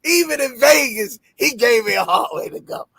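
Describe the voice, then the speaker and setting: A man with a Baltimore accent hosting a casual podcast and reading sponsor shout-outs, loud and playful, breaking into high shouts when he jokes. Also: expressive, moderate pace, creaky, slightly rough, no room sound. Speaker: podcast host.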